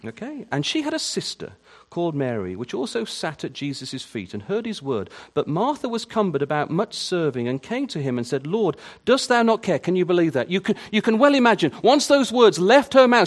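A man preaches a sermon in a fairly high voice that rises and falls a great deal. He keeps asking his listeners questions and often repeats words as he starts a new phrase. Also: a little fast, few pauses. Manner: animated, asks the listeners many questions.

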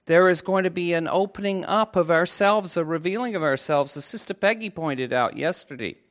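A man preaching a sermon to a congregation, earnest and unhurried, with playful asides. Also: high voice, a bit bright.

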